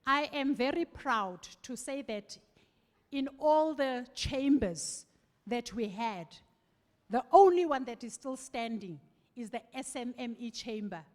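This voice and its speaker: A middle-aged woman with a South African accent tells stories at a farewell event, slipping into the voices of the people she remembers. Her voice sits somewhat high. It rings with the long reverb of a large hall. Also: measured pace. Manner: animated storytelling, acting out quoted voices. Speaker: farewell speaker. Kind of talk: anecdotal farewell speech.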